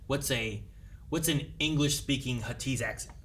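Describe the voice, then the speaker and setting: A man's voice: mid-range voice, normal speed, fairly bright tone, a little hiss or hum. A man co-hosting a casual group discussion, rambling and hesitant as he searches for words. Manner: rambling, hesitant, many fillers. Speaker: co-host.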